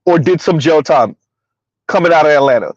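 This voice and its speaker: A man's voice: a little fast, dry recording. A man doing casual livestream commentary, reading out viewers' chat and asking rhetorical questions, his voice leaping up when he sounds incredulous. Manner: rhetorical, keeps asking "Right?", swings pitch up when incredulous. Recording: dry, slightly dull lo-fi audio.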